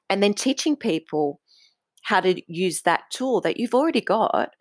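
A woman's voice: medium pitch, lively intonation, normal speed, no room sound. A woman guest on a podcast, a food coach, talking in a flowing, emphatic way with frequent fillers. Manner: flowing, emphatic talk with many "like" and "you know" fillers. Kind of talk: casual podcast conversation.

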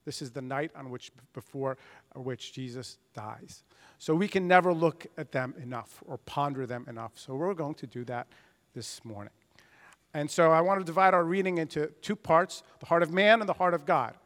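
High-voiced preacher in a reverberant church. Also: male voice, normal speed, fairly bright tone. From United States. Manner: earnest preaching with emphatic swells and dramatized quotes. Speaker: pastor. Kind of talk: sermon. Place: church sanctuary. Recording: long reverb of a church hall.

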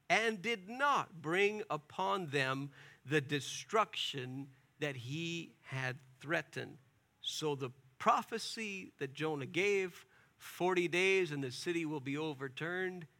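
A man preaching an expository sermon, retelling scripture in a lively, conversational way with casual asides. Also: high voice, creaky.

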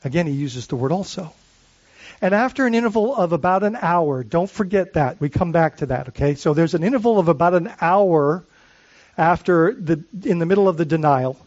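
High-voiced earnest male pastor. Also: animated, brisk, darkish tone, dry recording, dull audio. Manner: earnest, with rhetorical questions and frequent restarts. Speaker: lead pastor. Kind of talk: sermon.

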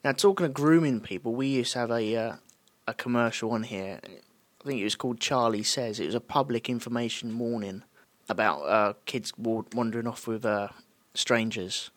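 A man's voice: medium pitch, moderate pace, dry recording. A man co-hosting a podcast in casual chat, making wry, joking asides. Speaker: podcast co-host.

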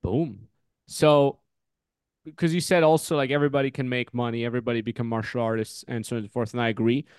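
A man in his thirties hosting a podcast, telling stories in an animated, swear-heavy, casual way. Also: medium pitch, fast talker, clean tone, dry recording, studio quality. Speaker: podcast host.

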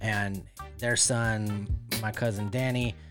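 A man's voice: on the low side, fairly even intonation, slow pace, music in the background. A man co-hosting a podcast, chatting casually and rambling with many fillers and restarts. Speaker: podcast co-host. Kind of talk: casual chat.

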